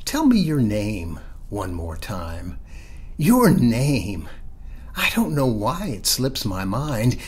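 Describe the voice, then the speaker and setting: A man's voice: medium pitch, huge pitch swings, takes it slowly, breathy edge, full character voice. A man voicing a confused elderly mother whose memory is fading, asking over and over in a pleading, bewildered way.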